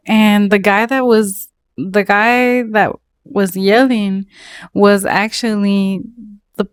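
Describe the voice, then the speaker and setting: A woman telling a casual storytime about her own life, animated, swearing and saying "like" often. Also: medium pitch, clear, resonant tone, no echo, studio quality. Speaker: storytelling vlogger.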